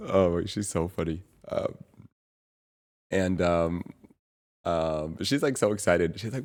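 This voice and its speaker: A man livestreaming and chatting casually to his viewers, rambling and often pausing to search for words. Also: low voice, a little mellow. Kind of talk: casual chat to stream viewers.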